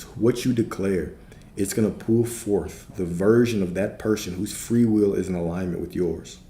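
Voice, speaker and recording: In a roomy-sounding stream with faint background noise, a spiritual coach speaks in a low, mellow voice. He teaches and answers chat in an easygoing way, circling back over the same points and checking in with "right?" again and again.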